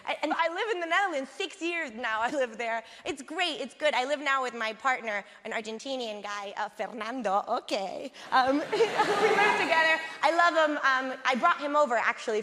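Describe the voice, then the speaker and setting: High-voiced woman comic in an echoey hall. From Latin America. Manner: high, distinctive voice she jokes about, deadpan then bursting out. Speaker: stand-up comedian. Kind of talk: stand-up routine. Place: large theatre stage. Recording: echoey hall with loud crowd noise. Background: audience laughter.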